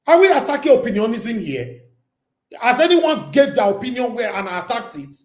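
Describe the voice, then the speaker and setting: A man's voice: very high-pitched, big pitch swings, normal speed. A man with a Nigerian accent hosting a live-stream call-in show, ranting heatedly and mixing Pidgin with English. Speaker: talk show host. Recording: roomy echo.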